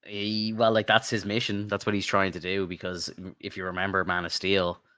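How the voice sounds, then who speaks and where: Deep-voiced excitable podcast guy. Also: a little fast, no room sound, clean studio sound. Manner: excited, swearing, rambling fanboy talk. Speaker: podcast co-host. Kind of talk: casual chat.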